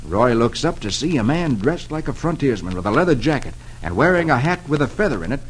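A man's voice: medium pitch, sing-song, a little fast, slight background noise, poor audio. A man hosting an old-time radio comic reading, telling the story in a playful, storytelling way. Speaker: host reading the Sunday comics.

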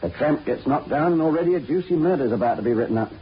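An actor playing a wry police detective sergeant who teases and banters, in an old-time radio drama. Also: male voice, on the high side, expressive, fast talker, natural voice. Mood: teasing. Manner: teasing, bantering. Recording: dull old radio recording with faint hiss.

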